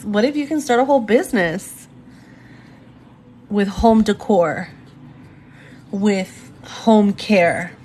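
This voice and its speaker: A woman's voice: mid-range voice, takes it slowly, pauses often, darkish tone, a little hiss or hum. A young woman doing a live astrology reading from home on her phone, chatty and addressing viewers directly, often going off on tangents. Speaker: astrology reader. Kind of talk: live-stream reading, casual chat.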